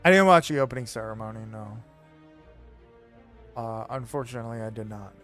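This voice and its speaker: A man streaming live, talking in a rambling, excitable, profane rant to his chat. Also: mid-range voice, fairly quick, soft background music. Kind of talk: casual chat while live streaming a game.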